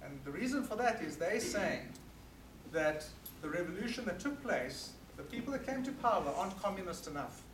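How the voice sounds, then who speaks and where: A South African man giving an earnest, forceful talk to an audience at an evening meeting. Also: high voice, lively intonation, normal speed, noisy background. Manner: earnest and forceful, emphatic repetition. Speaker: guest speaker. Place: meeting hall. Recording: roomy hall recorded from a distance.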